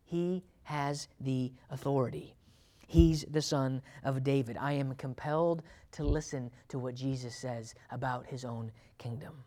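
A man's voice: medium pitch, measured pace, dark tone. A man teaching a Bible sermon in a conversational way, laughing often and acting out quotes with a lifted voice. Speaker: preacher.

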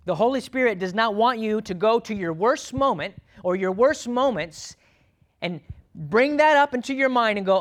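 A male pastor preaching a sermon to his church, swinging from loud urgent pleading to quiet, low, earnest asides. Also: expressive, normal speed.

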